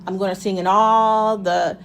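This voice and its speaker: A woman in the middle of a heated casual monologue, talking fast and hard, throwing out rhetorical questions and swearing as she goes. A faint hiss of background noise runs underneath her voice. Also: medium pitch, steady tone. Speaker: vlogger.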